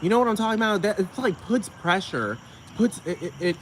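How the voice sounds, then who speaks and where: A man ranting casually to camera as a vlogger, rambling and profane, often asking if you know what he's talking about, with his pitch shooting up when he gets riled. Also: lively intonation, fairly quick, slight background noise, rough recording.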